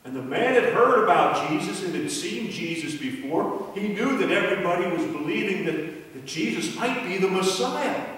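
A man preaching a children's sermon, telling a story in an animated way and then praying. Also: a little high. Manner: animated storyteller, voice rising for quoted characters. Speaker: pastor. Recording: echoey hall from far off.

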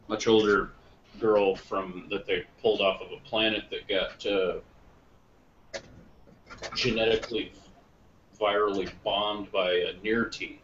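Man, casual podcast chat, rambling storyteller, bright tone, muffled audio. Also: lowish voice. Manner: rambling, self-correcting, animated when retelling stories. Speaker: podcast co-host. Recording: muffled lo-fi online call audio with faint noise.

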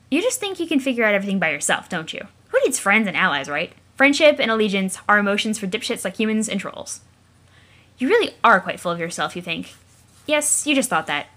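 A woman's voice: medium pitch, a bit bright. A woman hosting a let's play, reading a webcomic aloud in a sarcastic, mocking narrator's voice.

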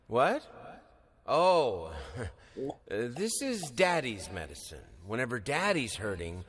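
Game dad with a temper, slow and swinging in pitch, in a long hall reverb. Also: male voice, wildly swooping pitch, exaggerated voice. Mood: hushed tender. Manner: hushed, then breaks into a shout and apologizes. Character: troubled father, middle-aged, with an explosive temper. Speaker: game character. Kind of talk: video game voice acting.

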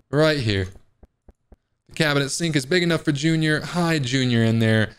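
A man's voice: fairly high pitch, moderate pace, clean tone. A man playing a horror game, joking and reacting with panicky outbursts in casual commentary. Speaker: gaming video host. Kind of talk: casual let's play commentary.

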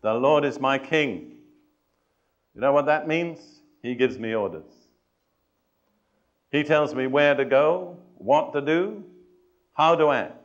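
A man preaching a sermon to a congregation. He speaks in a measured, emphatic way, puts questions and challenges to his listeners, and adds touches of dry humor. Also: a little high, lo-fi sound. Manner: addresses and challenges the congregation directly.

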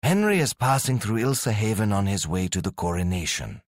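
A man voicing a proud, impatient young duke who speaks in a measured, formal way in an audiobook. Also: lowish voice, very animated, dry recording, studio quality.

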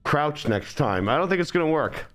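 A man's voice: fairly high pitch, animated, moderate pace, a bit bright. A man giving live, nervous, rambling commentary while streaming a game.

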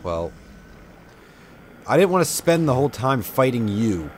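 A man's voice: mid-range voice, big pitch swings, a little slow, darkish tone, a little hiss or hum. A young man giving casual, self-mocking commentary over a video game, chatty and prone to sudden outbursts at enemies. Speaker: gameplay commentator. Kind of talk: casual let's-play commentary.

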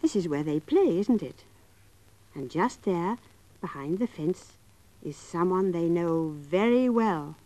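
Gentle woman telling a children's story. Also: lowish voice, lively intonation, slow pace. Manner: gentle, coaxing, talks directly to children. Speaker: narrator. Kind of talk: scripted storytelling for young children.

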